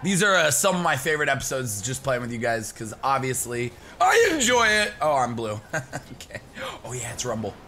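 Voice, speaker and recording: A young man giving excited live gameplay commentary, shouting and laughing as he plays and chats to viewers. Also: mid-range voice, normal speed, a little hiss or hum. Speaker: gaming YouTuber.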